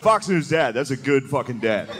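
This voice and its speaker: A man's voice: mid-range voice, sing-song, moderate pace, crowd noise. A man doing a crude, casual stand-up comedy set, peppering his lines with "dude".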